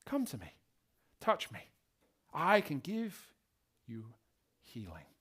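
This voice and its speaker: A man voicing a calm, authoritative male teacher with a gentle, inviting manner. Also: fairly high pitch, slow, husky, heavily acted.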